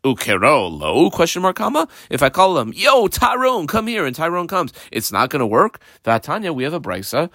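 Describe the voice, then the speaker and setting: A man's voice: mid-range voice, sing-song, fairly quick, few pauses, a bit bright, no room sound, clean studio sound. A man teaching a Talmud page step by step. He reads terms aloud, translates them, and calls out punctuation marks. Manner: explains step by step, mixes in Hebrew and Aramaic terms. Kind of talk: daily page Talmud lesson.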